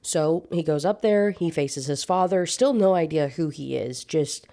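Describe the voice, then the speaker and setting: A young woman in a casual book-review rant, sarcastic and fed up, with frequent swearing. Her voice sits a little low, with a warm, mellow tone. She talks straight to the listener like a friend. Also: expressive, a little slow. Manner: sarcastic, exasperated, swears freely.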